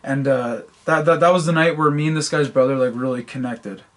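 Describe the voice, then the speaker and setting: A man's voice: mid-range voice, brisk. A man co-hosting a casual podcast, telling stories and often stammering and repeating his words. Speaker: podcast co-host. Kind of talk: casual storytelling chat.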